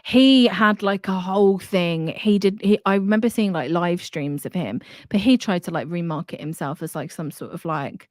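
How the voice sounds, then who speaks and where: A woman's voice: on the low side, moderate pace, few pauses, dry recording, studio quality. A woman hosting a casual chat, speaking hesitantly with many restarts and "like"s. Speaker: host.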